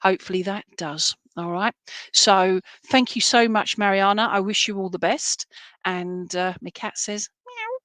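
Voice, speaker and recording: A woman giving psychic readings to a live online audience, drifting from thought to thought with lots of fillers and calling people "my lovely" and "my darling." Her voice sits at an ordinary middle pitch. It is recorded close and dry, with no room echo. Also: steady tone, normal speed. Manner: rambling, warm terms of address, many fillers. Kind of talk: live-stream reading, casual chat.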